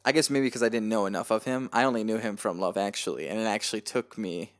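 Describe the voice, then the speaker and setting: A man's voice: lowish voice, fast talker. A man co-hosting a podcast, chatting casually and animatedly, swearing freely and ranting. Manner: animated, swears casually, does mocking quoted voices. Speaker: podcast co-host. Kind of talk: casual chat.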